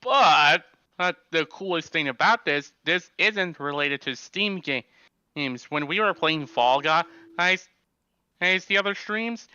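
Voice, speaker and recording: A man's voice: fairly high pitch, pushed and bright, clear, resonant tone, no room sound. A man chatting eagerly on a stream show. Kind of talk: casual chat. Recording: dull lo-fi dry mic.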